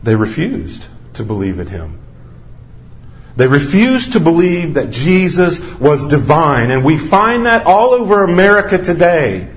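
A man's voice: fairly high pitch, big pitch swings, measured pace, dull audio. A man preaching a sermon as a missionary, stressing key phrases by repeating them over and over.

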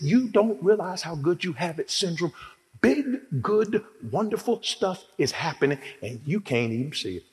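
A man preaching to his congregation with a lively, swooping delivery and a slightly high voice. He is animated and humorous and keeps calling for amens. The sound rings with the long echo of a church hall. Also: moderate pace. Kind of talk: sermon. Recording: echoey hall.

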